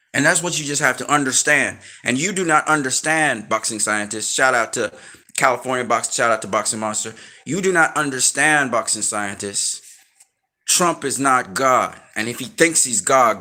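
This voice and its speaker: Speaking with a pushed, bright mid-range voice, this online commentator delivers an off-the-cuff rant to his audience. He's blunt and swears heavily, using emphatic slang to lecture and warn them as he grows heated.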